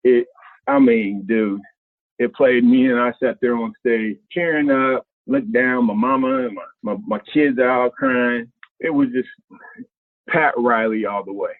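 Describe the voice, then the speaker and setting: A lively man from Ohio spins his stories in loose, slangy talk and jumps high and low as he acts out what others said. His voice is tinny and narrow, like a phone call. The sound is dry and close, with no room around it. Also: measured pace, dry recording. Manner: animated, colloquial, acts out quotes with big pitch jumps. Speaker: guest, former basketball player. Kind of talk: casual storytelling.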